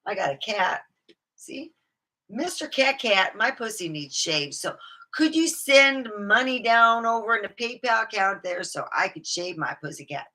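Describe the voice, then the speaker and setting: A woman's voice: medium pitch, expressive, normal speed, sharp tone. A woman talking alone in her room in a rambling, swearing vlog monologue, laughing at her own jokes. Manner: rambling, swearing, jumps between topics. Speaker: vlogger.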